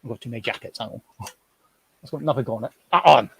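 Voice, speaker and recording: A man's voice: medium pitch, quick pace, gravelly, noisy background. A man chatting casually on a live stream, rambling and thinking aloud as he sorts through things at home.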